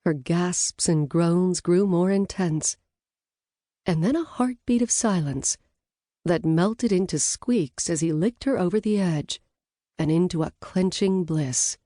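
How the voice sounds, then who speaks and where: Slow, low-voiced woman narrating an audiobook. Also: mellow, dry recording, studio quality.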